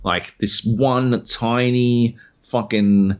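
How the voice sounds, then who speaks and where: A man's voice: medium pitch, steady tone, drawn-out words. A young Australian man, a podcast co-host, rambling through a casual chat and swearing freely.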